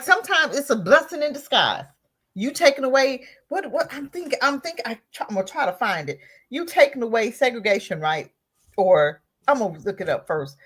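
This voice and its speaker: Animated, laughing woman hosting talk radio. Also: fairly high pitch, breathy edge. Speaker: host.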